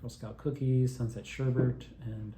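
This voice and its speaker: A man telling a rambling personal story, excitable and profane, often restarting his sentences. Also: mid-range voice, measured pace, reverberant, slight background noise. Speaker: video creator telling his own story.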